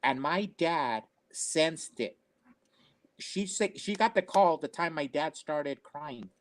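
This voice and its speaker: An older man tells family stories in an earnest, rambling manner, circling back and repeating himself as he goes. His voice sits slightly on the high side. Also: expressive, slow pace. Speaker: storyteller on a family talk show. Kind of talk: casual personal storytelling.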